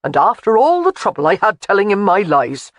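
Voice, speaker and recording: Old Highland man, gruff and teasing, voiced by the audiobook narrator; animated delivery, dry studio sound. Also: a little fast, no echo, exaggerated voice. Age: older. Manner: blunt, scolding, folksy. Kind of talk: audiobook character voice.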